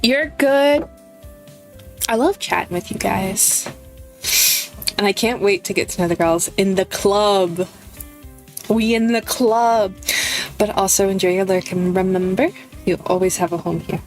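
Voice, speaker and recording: Streamer con voz lenta y juguetona. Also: female voice, mid-range voice, measured pace, long pauses, soft background music. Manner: playful and giggly, reads lines in character. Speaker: streamer playing a visual novel. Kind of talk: casual live-stream chat and reading game text aloud.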